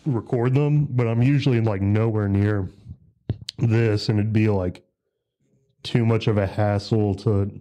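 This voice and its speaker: A man's voice: on the low side, steady tone, unhurried, warm tone. A man on a podcast, talking in a laid-back, rambling way with lots of fillers and swearing. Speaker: podcast host. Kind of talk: casual chat.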